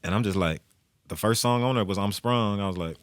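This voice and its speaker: A man's voice: brisk, no echo, clean studio sound. A man, a music executive, telling stories in a casual radio interview and acting out the voices of the people in them. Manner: animated storyteller, acts out quotes in high voices. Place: radio studio. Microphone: studio microphone.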